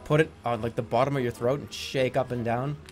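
A man's voice: mid-range voice, steady tone, fairly quick, soft background music. A young man streaming a video game, rambling casually with lots of swearing and laughter. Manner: rambling, profane, laughs a lot. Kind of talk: casual let's-play commentary.

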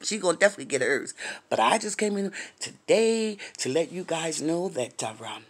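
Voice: medium pitch, big pitch swings, normal speed, husky. Vlogger, sassy gossip, drawling, chatty, addresses viewers directly, occasional whispered asides. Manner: drops to a whisper for racy gossip. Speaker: vlogger reacting to a reality show.

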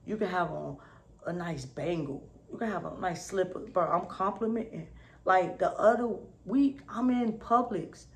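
A woman's voice: fairly low pitch, normal speed, vocal fry. A woman vlogging to camera in a casual, upbeat, slangy way, often asking "you feel me". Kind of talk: casual motivational talk to camera.

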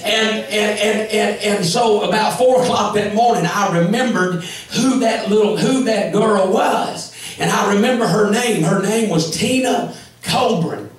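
A man with a Southern US accent preaching a testimony sermon, shouting and punctuating his story with "come on" and "amen.". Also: high-pitched, a little slow. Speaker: evangelist preacher. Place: church sanctuary. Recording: echoey church from far off.

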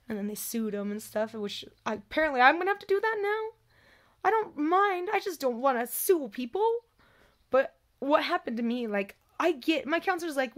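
Sharing something personal, this young vlogger sounds distressed and emphatic, her voice alternating between loud cries and hushed moments. The delivery is animated at a moderate pace.

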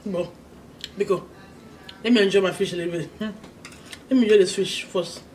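A Nigerian woman hosts a casual eating vlog, talking in a chatty, storytelling way and stopping to hum over her food. Her voice sits at a middle pitch. The mic is set a little away from her, with a faint noise underneath. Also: a little mellow. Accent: Nigerian English. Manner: chatty and storytelling, pausing to eat with hums of enjoyment. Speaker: vlogger, host of the channel. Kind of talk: casual mukbang chat while eating. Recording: slightly distant mic with faint background noise.

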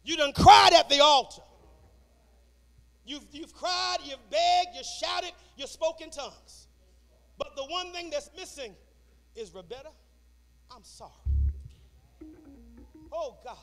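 A man preaching a sermon, shouting in a sing-song cadence in a church sanctuary. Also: extremely high pitch, unhurried, long pauses, faint music behind. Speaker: pastor.

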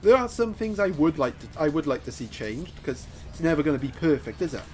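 A man giving excitable live commentary over his own gameplay, laughing and taunting opponents. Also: a little high, fairly quick, soft background music. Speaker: gaming YouTuber.

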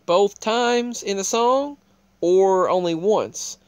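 A man's voice: sits high, takes it slowly, smooth, no room sound. A man talking casually to his viewers, rambling with frequent restarts and pointing them to what is on the screen. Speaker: video creator. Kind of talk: casual talk to camera.

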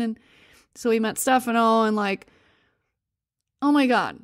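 A woman from the United States hosts a podcast, telling stories in a casual, rambling monologue full of fillers and self-corrections. Her voice is a little high and unhurried, with frequent pauses, in a dry, studio-quality recording.

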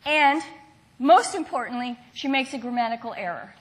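High-pitched woman lecturer from the southern US, engaging, quizzes the room. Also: moderate pace. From Southern United States. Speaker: university lecturer. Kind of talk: university lecture.

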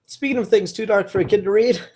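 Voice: mid-range voice, fast talker, darkish tone, a little hiss or hum. A comic book reviewer talking casually and enthusiastically, rambling with frequent fillers and restarts. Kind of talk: casual solo review podcast.

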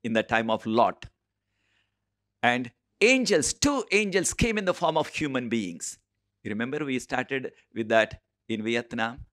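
Lively, animated male preacher. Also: medium pitch. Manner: animated storytelling with frequent "uh" pauses and repeated phrases. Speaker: preacher and Bible teacher. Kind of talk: storytelling sermon.

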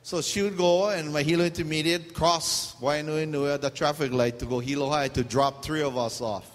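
In a long, reverberant hall with faint background noise, a middle-aged Hawaiian pastor preaches at a moderate pace, his voice on the high side. He tells funny stories in a Pidgin-tinged accent, staying animated and laughing partway through.

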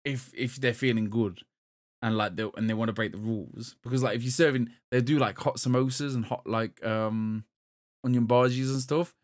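A man's voice: medium pitch, steady tone, moderate pace. Rambling man, casual podcast talk. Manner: rambling, loose, swears casually. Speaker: podcast co-host. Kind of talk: casual chat.

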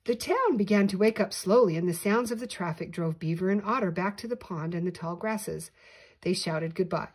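An older woman, a grandmother, reading a picture book aloud with animated delivery and small slips. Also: lowish voice, moderate pace, slightly rough. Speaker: storyteller grandmother.

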